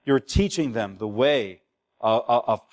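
A man's voice: medium pitch, expressive, unhurried. Preaching man in a reverberant hall. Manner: exhorting, asks the congregation for replies. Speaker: pastor. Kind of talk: sermon. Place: church hall. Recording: long reverb of a church hall.

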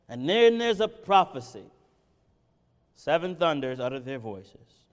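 Impassioned high-voiced preacher in a reverberant hall. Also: male voice, sing-song, slow pace, long pauses. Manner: swings from loud impassioned peaks to low conversational teaching. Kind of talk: sermon.

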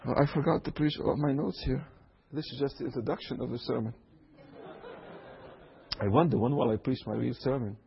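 A man from Syria preaching a sermon, swinging from low asides to loud high exclamations. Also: fairly quick, creaky, slightly rough. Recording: long hall reverb, dull lo-fi sound.

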